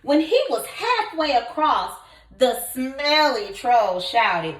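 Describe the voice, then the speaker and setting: A woman, a kindergarten teacher, reading a children's story aloud in an expressive voice, pausing to ask the children questions. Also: sits high. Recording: echoey room.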